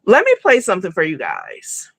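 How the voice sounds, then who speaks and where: In a dry recording, a woman with a lowish, fairly bright, slightly rough voice swings hugely in pitch at normal speed, with vocal fry. She's a live-stream host chatting and rambling at length to her viewers, whom she calls honey and baby.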